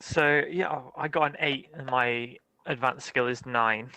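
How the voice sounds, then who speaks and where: A man's voice: medium pitch, fairly even intonation, unhurried, noisy background. A man playing a tabletop game, asking tentative, careful questions. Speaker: player.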